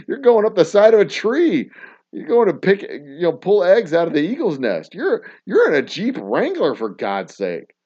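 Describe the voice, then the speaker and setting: A man's voice: high-pitched, unhurried. Guy cussing and ranting on a podcast, voice jumps all over, kinda muffled lo-fi sound. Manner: profane, animated ranting with laughs. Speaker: podcast co-host. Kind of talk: casual chat over drinks.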